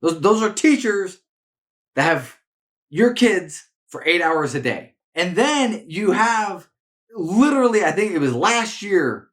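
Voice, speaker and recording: A man speaking with a lively, swinging pitch as he runs his commentary show. He stumbles and doubles back on his words, restarting sentences, in a loose, off-the-cuff way. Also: slow pace. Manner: animated, repeats words and restarts often. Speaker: political commentary host. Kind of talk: casual opinion commentary to camera.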